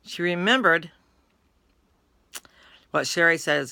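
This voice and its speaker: Bright-voiced woman telling a story. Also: deep voice, moderate pace, no room sound. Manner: chatty, retelling with "he goes, she goes". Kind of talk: casual spoken storytelling.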